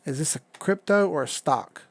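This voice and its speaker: With a high, animated voice and no echo, a man runs a crypto live stream at a normal pace. He rambles casually as he charts, swears occasionally, and reads out messages from chat.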